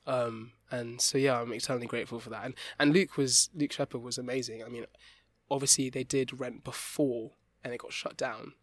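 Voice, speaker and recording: A young man, talking as an interview guest about stage work, rambling with many restarts and quick laughs. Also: medium pitch, steady tone, dry recording. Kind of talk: casual conversational interview.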